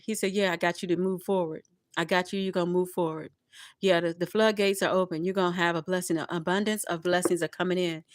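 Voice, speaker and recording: A woman's voice: on the low side, steady tone, normal speed, no room sound, clean studio sound. A woman giving a collective tarot reading, talking straight to her viewers in a repetitive, encouraging way. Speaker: tarot reader. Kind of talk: collective tarot reading, spiritual pep talk.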